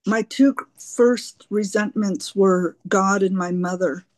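Speaking with a steady, darkish, medium-pitched voice, a woman slowly and haltingly shares her recovery at a twelve-step meeting, often repeating words. Her tone is earnest and open; the recording is close and dry with no room sound.

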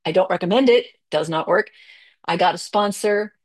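A middle-aged woman giving a candid personal recovery share. She talks conversationally, with fillers, quick bursts and slow stretches. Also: on the low side. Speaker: recovery meeting speaker.

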